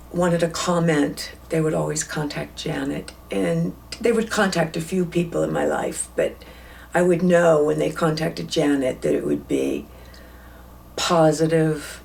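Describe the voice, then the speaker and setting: A woman giving a personal tribute in a measured, deliberate way. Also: sits low, vocal fry, a little mellow. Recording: distant mic.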